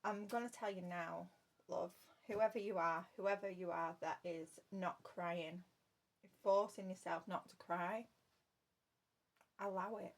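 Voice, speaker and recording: A woman gives a spoken tarot reading to her viewers, earnestly repeating her phrases and calling the listener "love." Her voice is fairly low and gravelly, with fairly even intonation and an unhurried pace.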